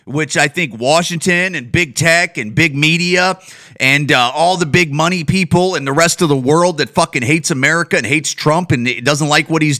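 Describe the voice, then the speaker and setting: Guy podcaster ranting, swears a ton, kinda high bright voice, pitch jumps all over. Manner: profane, heated and blunt; repeats and restarts often. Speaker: podcast host and comedian. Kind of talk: casual ranting monologue.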